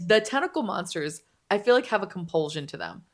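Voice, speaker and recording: A woman's voice: medium pitch, a little fast. A young woman co-hosting a podcast, chatting casually and giggling as she retells a story, with lots of "like". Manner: giggly, animated retelling with many "like"s. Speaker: podcast co-host. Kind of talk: casual chat.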